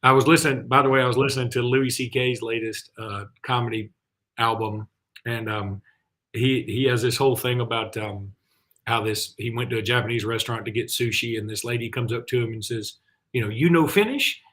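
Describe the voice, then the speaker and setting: A man hosting a sports talk show, chatty and rambling, and quick to poke fun at himself. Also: mid-range voice, flat delivery, a bit bright. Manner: chatty, rambling, self-deprecating. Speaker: host.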